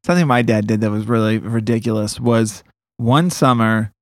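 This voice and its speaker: A man's voice: fairly low pitch, moderate pace, dry recording, studio quality. A man telling childhood stories in casual chat, often laughing as he talks. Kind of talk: casual storytelling.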